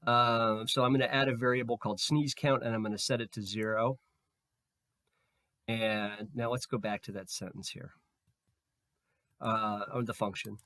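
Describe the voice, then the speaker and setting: A man with a slightly hoarse voice explains code in a screen-recorded tutorial. He talks in a relaxed way while he works, with fillers and restarts. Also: mid-range voice, no room sound. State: slightly hoarse, losing his voice. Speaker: programming tutor.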